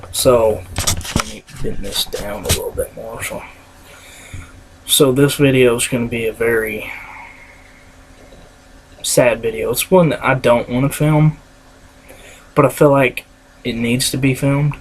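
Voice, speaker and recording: Slow, scratchy-voiced Kentucky man. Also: mid-range voice, vocal fry, slightly rough. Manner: halting, with many fillers and pauses. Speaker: vlogger. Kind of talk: casual vlog talk. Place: small room with a door, indoors.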